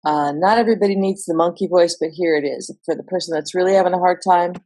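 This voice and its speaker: Woman, vocal coach, low voice, relaxed explanatory tone. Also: fast. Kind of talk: instructional voice lesson.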